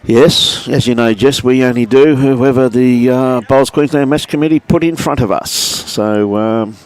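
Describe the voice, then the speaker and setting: A man's voice: mid-range voice, a little slow, clean tone. A man doing live commentary on a lawn bowls match, chatty and friendly with viewers, dropping "mate" into most lines. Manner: chatty, greets viewers by name, says "mate" often. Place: outdoors at a bowls club.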